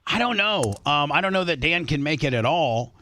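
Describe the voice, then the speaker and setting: Bright-voiced man hosting radio talk. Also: a little high, lively intonation, normal speed. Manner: rambling storyteller with restarts. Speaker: radio show host. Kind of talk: casual radio banter.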